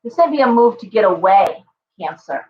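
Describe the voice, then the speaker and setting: A woman with a mid-range, slightly mellow voice and lively intonation hosts a live-stream tarot reading at normal speed, sounding chatty and reassuring as she talks straight to her viewers while losing her voice. The live-stream audio is roomy, slightly dull, with a little hiss or hum.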